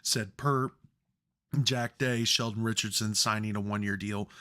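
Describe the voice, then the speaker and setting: A man's voice: fairly low pitch, steady tone, a little slow, bright, forceful tone, clean tone. A man co-hosting a sports podcast, chatting casually, rambling and swearing freely when worked up. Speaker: podcast co-host.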